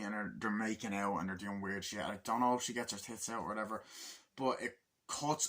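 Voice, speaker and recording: A man's voice: on the low side, bright, forceful tone. Rambling, swearing man reviewing a film. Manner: rambling, swears a lot, acts out movie lines. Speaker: movie reviewer. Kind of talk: casual spoken review.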